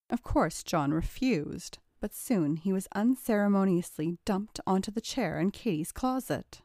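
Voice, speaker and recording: Reading from a storybook, a woman keeps a steady, even delivery at a middle pitch, a bit slow yet with hardly any pauses. The sound is close and dry, free of any echo or room noise.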